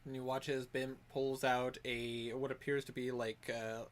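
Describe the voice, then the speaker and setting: A man's voice: medium pitch, little pitch movement, a little slow. A man narrating as dungeon master in a voice-chat tabletop game, with congested sinuses, stumbling and restarting his lines. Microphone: headset or desk mic on voice chat.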